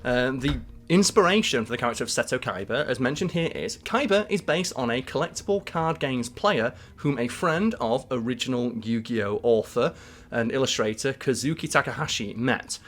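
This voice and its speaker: Animated man chatting. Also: mid-range voice, moderate pace. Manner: animated, laughing, acts out quotes. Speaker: podcast co-host. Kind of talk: casual chat.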